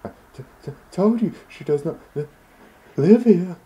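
A man voicing a timid, stammering old woman tenant, pitched high and quavering. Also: lively intonation, measured pace, mellow, rough recording. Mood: nervous stammer.

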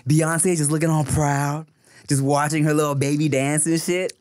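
A man's voice: a little high, level tone, normal speed, a little mellow. A man hosting a podcast in casual chat, with laid-back, slangy banter and frequent laughter. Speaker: podcast host.

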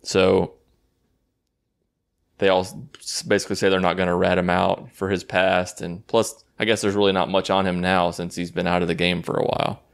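Deep gravelly man recapping a movie. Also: flat delivery, moderate pace. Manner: rambling, profane, sarcastic. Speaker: YouTube movie reviewer. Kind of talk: casual movie recap commentary.

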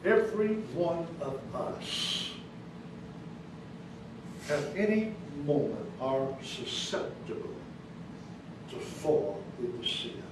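A man's voice: very animated, slow pace, long pauses. Emphatic preaching man, echoey church. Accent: American. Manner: emphatic preaching, rising to high-pitched questions then dropping soft. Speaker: pastor. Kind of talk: sermon. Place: church sanctuary. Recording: echoey church recorded from a distance, noisy.

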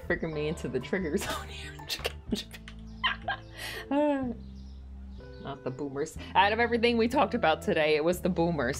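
Low-voiced woman chatting rambly. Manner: rambling, heavy use of "like"; gets heated when annoyed. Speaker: streamer. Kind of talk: casual chat while gaming. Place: at home.

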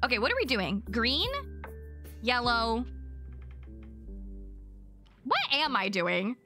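A bubbly young woman chats with her live-stream audience while she plays. Her voice sits a little high and sounds bright and crisp. Soft music plays behind her. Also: very animated, takes it slowly. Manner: bubbly, chatty, thanking chat and giggling. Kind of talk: casual live-stream chat while gaming.

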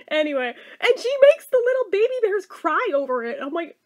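A woman with a notably high voice talks through a movie review off the cuff. She is blunt and excitable, swears freely, laughs easily and rambles through her thoughts with lots of fillers. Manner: excitable and animated, quick to laugh. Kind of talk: casual spoken review.

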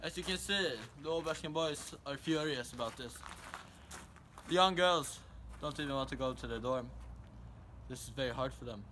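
A man's voice: medium pitch, normal speed, sharp tone, slight background noise. A young man with a Swedish accent delivering a mock-serious news report in a comedy sketch.

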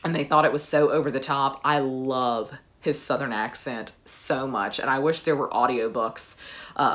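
A woman's voice: a bass voice, a bit bright. A woman vlogger chatting casually and enthusiastically about her favorites, with frequent fillers. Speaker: book vlogger. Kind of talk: casual chat.

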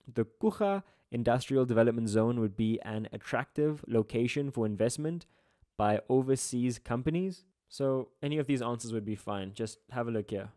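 A young man with a South African Durban accent and a mid-range voice, tutoring geography exam answers. His delivery is relaxed and chatty, with joking asides and playful slang between points. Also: medium pitch. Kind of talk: casual exam-answer walkthrough lesson.

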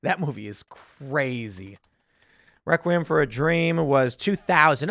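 A man's voice: medium pitch, animated, a little slow, sharp tone, no echo, studio quality. A man hosting a casual talk show, rambling about films while searching online and acting out lines. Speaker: podcast host. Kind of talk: casual commentary.

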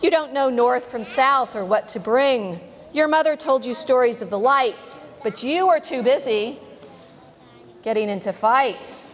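A woman's voice: fairly high pitch, a little slow, lightly acted. A woman voicing a teasing, wise male albatross in a storybook, speaking in singsong verse. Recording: long church reverb.

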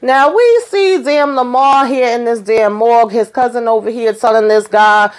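A woman's voice: on the high side, moderate pace. A woman hosting her own channel, giving a chatty, slangy recap of a TV episode and acting out the characters' lines as she goes.

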